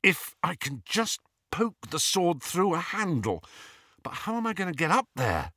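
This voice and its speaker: A man's voice: high voice, sing-song, unhurried, sharp tone, no room sound, clean studio sound, pitched above the performer's own voice, heavily acted. A man voicing a desperate teenage boy wizard, urgent and pleading.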